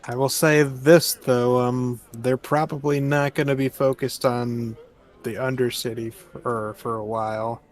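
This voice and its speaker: A man playing in a tabletop game, talking in a calm, even way. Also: medium pitch, unhurried. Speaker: player. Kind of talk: casual tabletop role-play.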